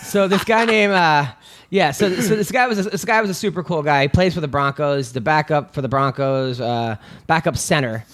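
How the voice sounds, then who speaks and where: A man's voice: on the high side, moderate pace, a bit bright. A man in his thirties telling long, profane stories on a podcast, rambling and restarting often. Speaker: podcast co-host. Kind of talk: casual storytelling chat.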